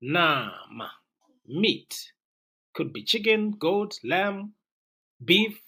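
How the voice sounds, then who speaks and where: Slow, patient teacher. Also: mid-range voice, sing-song, bright, forceful tone, husky, poor audio. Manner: slow, repeats each word for learners. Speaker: language teacher. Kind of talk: language lesson.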